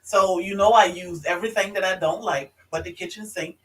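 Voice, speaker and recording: Easygoing man with a fairly high voice. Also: steady tone, a little fast, a bit bright, a little hiss or hum, poor audio. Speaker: co-host reading viewer comments. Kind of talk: casual live-stream chat.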